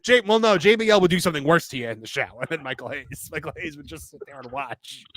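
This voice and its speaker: A man co-hosting a comedic wrestling podcast, excitable and laughing often, with lots of restarts. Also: on the high side, quick pace. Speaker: podcast co-host. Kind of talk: casual comedic wrestling chat.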